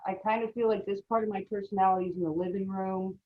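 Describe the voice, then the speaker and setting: A woman on a writing faculty panel, answering a question in an animated, talkative, self-deprecating way over a video call. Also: mid-range voice, fast. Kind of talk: casual panel discussion. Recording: slightly muffled audio.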